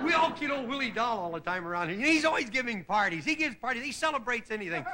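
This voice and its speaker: A high, bouncy male voice runs through a comedy monologue on a studio stage, chuckling at his own punchlines and jumping in and out of funny voices. The old television recording carries a heavy layer of hiss under everything. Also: very animated, a loud crowd. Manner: chuckles at his own jokes, switches into quick character voices. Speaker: comedian host. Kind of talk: stand-up monologue on a TV variety show. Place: TV studio stage before a live audience. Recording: loud hiss on a 1960s TV broadcast.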